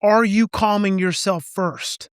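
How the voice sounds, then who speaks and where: A man's voice: high voice, takes it slowly, clean tone, no echo. Middle-aged male podcast guest; emphatic, repetitive teacher's delivery; dry, close recording. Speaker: parenting expert guest. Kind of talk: podcast interview.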